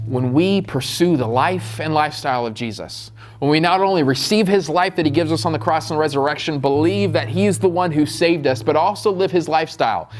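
Man preaching with rising fervor, soft music. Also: a little high. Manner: conversational and joking, building to fervent repeated calls. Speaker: pastor. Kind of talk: sermon.

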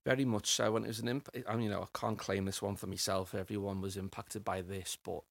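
A man's voice: lowish voice, flat delivery, quick pace, creaky, no echo. A middle-aged man, telling his life story as a podcast guest in a rambling way, often repeating words as he finds them. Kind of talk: personal storytelling interview.

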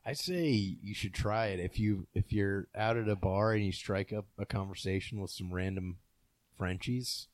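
A man's voice: on the low side, normal speed, no room sound. A man co-hosting a podcast, bantering in casual chat. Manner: banters, puts on silly voices. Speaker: podcast co-host.

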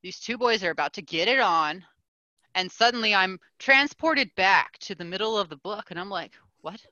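Podcast co-host, woman, bright and forceful, dry close sound, animated storyteller who swears a lot. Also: mid-range voice, moderate pace, no echo, lo-fi sound. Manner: animated ranting with lots of "like" and swearing. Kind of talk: casual chat, storytelling.

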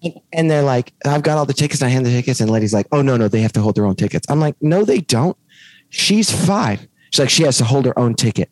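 Brief: podcast co-host, 30s, animated anecdote teller, slightly husky, dry close sound. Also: mid-range voice, quick pace, no room sound. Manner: lively storytelling, acts out quotes. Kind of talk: casual chat.

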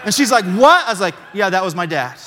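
A male pastor telling a story in his sermon, animated and building to shouted emphasis. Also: high-pitched, fast, in a large hall, background noise.

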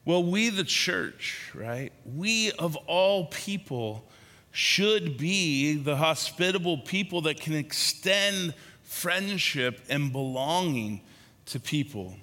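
A man preaching a sermon as a pastor, speaking in slow, pausing phrases that trail off softly at the ends. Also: fairly high pitch, animated, big-room sound.

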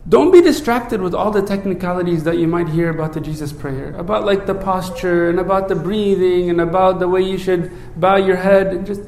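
High-voiced priest preaching in an echoey room. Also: male voice, darkish tone. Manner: conversational, often adds "right?" to check in with listeners; repeats words at the start of phrases. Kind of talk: sermon.

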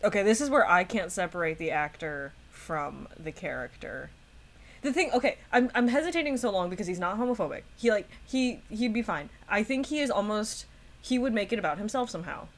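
A woman's voice: medium pitch, lively intonation, brisk. Giggly woman in casual chat. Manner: laughs often, hesitant restarts.

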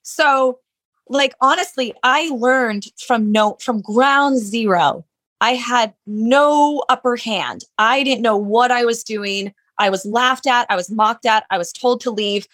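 A woman's voice: fairly high pitch, slow pace, a bit bright. A woman business owner telling her story in a casual interview, chatty and candid, with many "like" fillers. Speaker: handbag designer, business owner.

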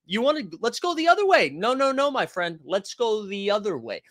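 A young adult man hosting a casual basketball live stream, talking loud and animated and answering the chat. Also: high voice, a little fast, dry recording, studio quality. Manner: loud, animated, yells often; reads and answers chat comments.

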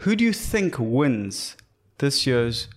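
A man's voice: mid-range voice, sing-song, slow. A young man co-hosting a podcast in casual chat, joking and swearing freely. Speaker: podcast co-host.

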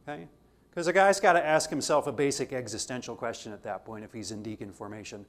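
A man's voice: mid-range voice, fast. A man teaching a theology class, talking conversationally and acting out dialogue from his own stories. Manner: conversational, acts out dialogue in anecdotes. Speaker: theology lecturer.

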